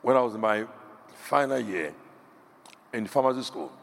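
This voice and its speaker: A middle-aged Nigerian man preaches a sermon at a normal speed in a medium-pitched, expressive, creaky voice. He tells stories with animation and acts out the voices he quotes. The echoey hall carries a faint background hum.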